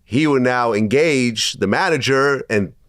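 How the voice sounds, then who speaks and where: A man hosting an interview, who mostly reacts briefly and then gives measured comments. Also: mid-range voice, fairly bright tone, dry recording, studio quality. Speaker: interview host.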